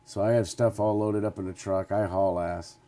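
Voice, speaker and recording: A man in casual chat telling a story in an animated, profane way, swearing constantly. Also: lowish voice, normal speed. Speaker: podcast host.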